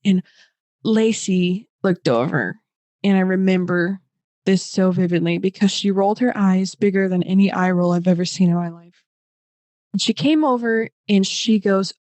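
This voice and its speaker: A young woman recounts her own story as a podcast guest, slipping into voices for the people she quotes. Her speech is chatty and full of fillers, at a middle pitch for a woman. The sound is close and dry, with no room echo. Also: moderate pace. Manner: animated, acts out quoted voices; many fillers like "like". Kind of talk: personal storytelling.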